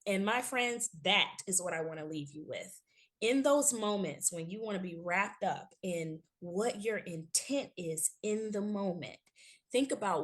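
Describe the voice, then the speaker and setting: A woman in her thirties, a workplace trainer, answering in an interview with lively, emphatic repeated phrases and frequent laughter. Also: mid-range voice, a little slow. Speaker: guest, workplace HR consultant and trainer.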